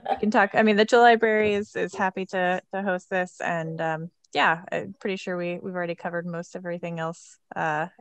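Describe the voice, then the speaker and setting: A woman's voice: lowish voice, steady tone, fairly quick, few pauses, clear, resonant tone, no room sound. A woman acting as tech host on a video call, speaking hesitantly with many fillers. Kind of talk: casual introduction.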